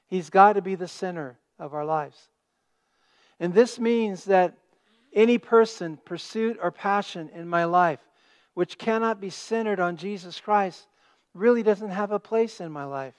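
Man, pastor, sermon, slightly high voice, emphatic, hushed phrase endings. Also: a little slow. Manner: emphatic, swelling on key words and dropping to a hush at phrase ends. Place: church sanctuary.

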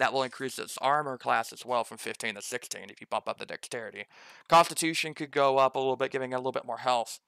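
A man's voice: medium pitch, sharp tone, clean tone, dry recording. A man game master thinking aloud as he builds a dungeon map, muttering corrections to himself and noting he has slipped into an odd accent.

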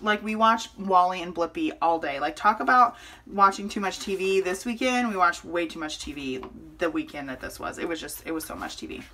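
A woman's voice: mid-range voice, pushed and bright. Rambling young woman chatting over her planner. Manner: rambling, full of fillers and self-corrections. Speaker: planner vlogger. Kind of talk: casual chat during a planner flip-through.

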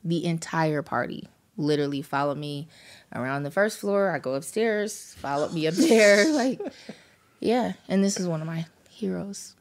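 A woman's voice: sits low, moderate pace. A woman guest on a podcast, telling a story in casual chat and laughing as she talks. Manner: animated storyteller, laughs through her story.

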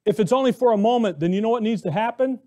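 A man with a very high speaking voice delivers a sermon as pastor. He preaches emphatically, firing off rhetorical questions and circling back over his phrases as he drives each point home. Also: fast, mellow. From Arizona, US.

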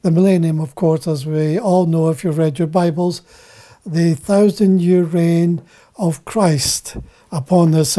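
A man preaching a Bible teaching sermon, deliberate and repeating key phrases for emphasis. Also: high-pitched, mellow.

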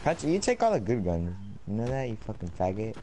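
A man in casual gaming banter with friends, complaining loudly and swearing. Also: on the low side, very animated, quick pace, over a noisy crowd. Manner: profane, loud complaining. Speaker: gamer chatting with friends.

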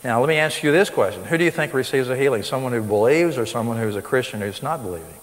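A man with a medium-pitched voice preaches fast and animatedly to a live audience in a school hall. He's emphatic, his voice jumping sharply upward on key points, and the recording carries the long reverb of a large hall.

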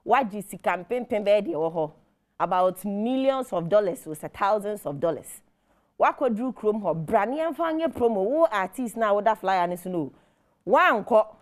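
A Ghanaian woman hosting an entertainment news show. She delivers emphatic, scolding commentary with a middle-pitched voice, switching between Twi and English. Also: animated, normal speed, darkish tone. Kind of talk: animated commentary.

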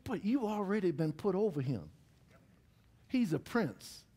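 A middle-aged man preaching a sermon in a church, with lively call-and-response to the congregation. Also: high-pitched, measured pace, slightly rough. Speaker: pastor. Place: church sanctuary.

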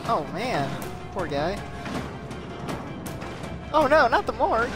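A man's voice: very high-pitched, very animated, slow pace. A man commentating a horror game, jumpy and yelping with nervous laughter. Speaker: gameplay commentator. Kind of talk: horror game let's play. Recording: commentary over game music.

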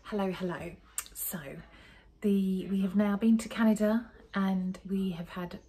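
Slow, soft-spoken woman vlogging. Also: mid-range voice, fairly even intonation. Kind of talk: casual vlog narration.

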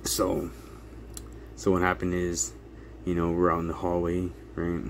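A man with a somewhat low voice tells a story to his viewers, casual and animated. He acts out the people in the story and laughs as he goes, checking in with "right?" every few lines. A faint hum of ambience sits behind him. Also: slow pace, long pauses. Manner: animated retelling, acts out quotes, laughs often, keeps asking "right?". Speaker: channel host telling a court story.

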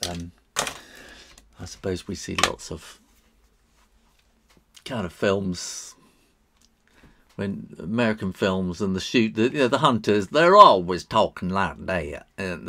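A man's voice: mid-range voice, gravelly. A middle-aged man, an illustrator, chatting cheerfully through a live drawing demo and reading out viewer comments, laughing often.

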